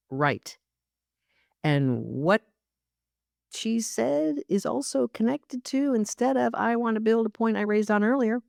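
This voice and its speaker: Emphatic low-voiced woman coach. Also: no echo, clean studio sound. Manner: emphatic, direct, coaching tone with a repeated catchphrase. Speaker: podcast host and leadership coach. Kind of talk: solo podcast monologue.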